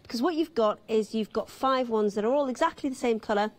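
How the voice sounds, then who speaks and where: A woman's voice: a little high, fast. A woman, a craft guest on a live shopping show, making dry teasing remarks. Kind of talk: live shopping broadcast chat.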